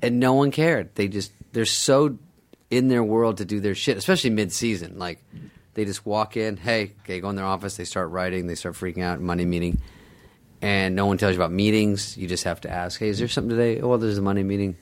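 A man telling stories in casual chat as a podcast guest, acting out other people's lines with lively changes of voice. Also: deep voice, fairly quick. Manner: animated storyteller, acts out other people's lines. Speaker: podcast guest, former sketch comedy cast member.

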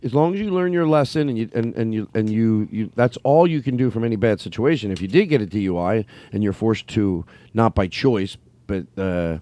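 A man's voice: lowish voice, brisk, few pauses, dark tone, no room sound. A man hosting a podcast after-show, chatting casually in a meandering way, full of fillers, restarts and self-interruptions. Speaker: comedian podcast host. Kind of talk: casual rambling chat.

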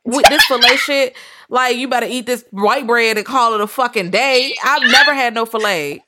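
A woman hosting a casual podcast chat, telling stories in a blunt, profane, animated way. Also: fairly high pitch, moderate pace, heavy background noise. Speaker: podcast host.

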